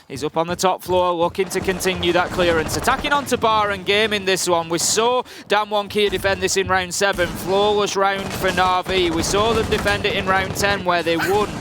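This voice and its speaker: A man commentating an esports match, analyzing the play and rising into hype calls. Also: high-pitched. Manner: measured, building to hype calls. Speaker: esports caster. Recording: noisy broadcast mix.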